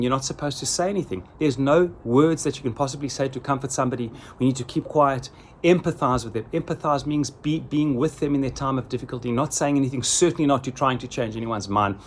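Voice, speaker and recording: A man's voice: medium pitch, a little hiss or hum. A middle-aged man giving a heartfelt sermon, earnest and repeating phrases for emphasis. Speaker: rabbi giving a weekly Torah talk.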